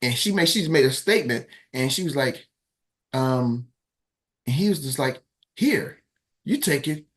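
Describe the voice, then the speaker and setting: A man speaks, a coach hosting his team's morning call. He tells his stories with energy, and his voice jumps higher whenever he acts out what someone said. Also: normal speed. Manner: animated storyteller, acts out quotes in raised voices. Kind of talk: casual storytelling to a team.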